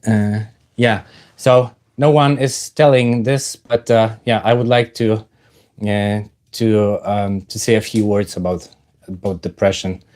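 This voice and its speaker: A man hosting a casual livestream, halting with many fillers while he greets viewers in the chat and talks about his own life. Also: lowish voice, fairly even intonation, darkish tone. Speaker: livestream host.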